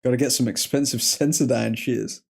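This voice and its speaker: A man's voice: medium pitch, fairly even intonation, moderate pace, gravelly, husky. A man hosting a live watchalong stream, chatting casually, rambling between match moments and chat messages, and laughing often. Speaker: streamer host.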